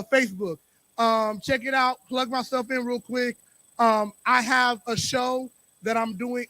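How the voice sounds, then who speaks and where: A young man, the featured poet at an open mic, hyping the crowd loudly and then delivering a rhythmic, rapid spoken word poem. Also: very high-pitched.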